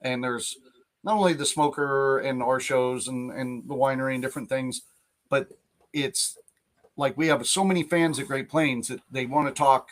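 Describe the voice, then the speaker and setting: A man in an easygoing live podcast chat. His voice sits at an ordinary middle pitch, and he rambles through long stories, breaking into laughs and stumbling over restarts as he goes. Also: fairly even intonation, moderate pace. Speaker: podcast co-host. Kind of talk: casual chat.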